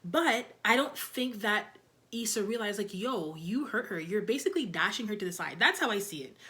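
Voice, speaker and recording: A woman's voice: medium pitch, expressive, normal speed, bright, forceful tone. A young woman casually reviewing TV episodes, talking loosely with lots of "like" and "you know". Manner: chatty, loose, heavy on fillers like "like" and "you know". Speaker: TV show reviewer.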